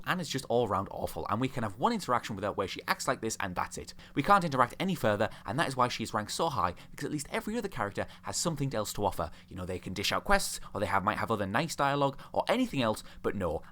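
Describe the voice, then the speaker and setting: Sarcastic young man, lively low voice. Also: fast talker, few pauses. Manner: sarcastic ranting with mocking put-on quotes. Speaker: video host. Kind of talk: commentary on a video game.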